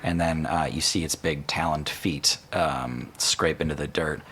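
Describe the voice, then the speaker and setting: Man, game master, tabletop game narration, low voice, relaxed with fillers. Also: unhurried, slight background noise. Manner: relaxed storytelling with many fillers.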